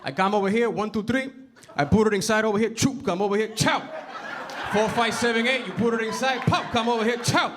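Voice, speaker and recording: A man voicing his excitable immigrant father, who mixes Spanish into his Spanish-accented English in an animated way. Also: sits high, a little fast, voice pushed up. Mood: explaining loudly. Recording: noisy club, audience laughter.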